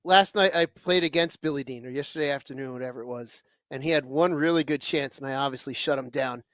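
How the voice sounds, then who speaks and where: A man's voice: medium pitch, fast talker, fairly bright tone, no room sound. A man on a casual hockey podcast, telling a wry story about a game he played in goal and going off on history tangents. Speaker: podcast co-host and amateur goalie.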